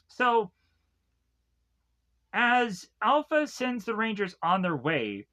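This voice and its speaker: A man with a high, bright voice recaps episodes in a loose, chatty way. His pitch swings widely as he rambles, laughs often and swears without a second thought. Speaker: episode reviewer. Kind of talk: casual recap and commentary.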